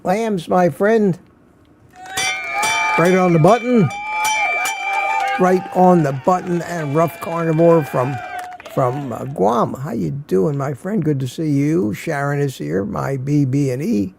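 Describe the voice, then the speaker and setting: A man's voice: a little high, slow pace, creaky, background noise. Tired older man hosting a live stream. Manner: greets viewers by name, chuckling often. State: tired, slightly slurring. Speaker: livestream host. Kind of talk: casual live-stream chat.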